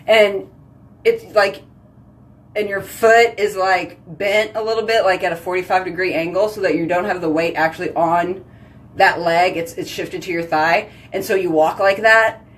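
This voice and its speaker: Chatty woman host, casual and animated. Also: on the low side, normal speed. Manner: chatty, heavy use of "like", animated exclamations. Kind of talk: casual chat with viewers.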